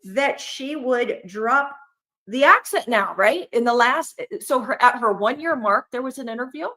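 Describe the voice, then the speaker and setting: A woman with a fairly high voice co-hosts a livestream. She talks in a lively, conversational way and leans hard on her points. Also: measured pace. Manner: animated, conversational, emphatic. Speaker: livestream co-host. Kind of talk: casual commentary.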